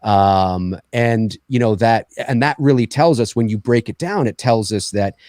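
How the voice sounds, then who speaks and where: A man co-hosting a podcast in casual chat, animated and teasing, laughing often. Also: fairly low pitch, a little slow, no room sound.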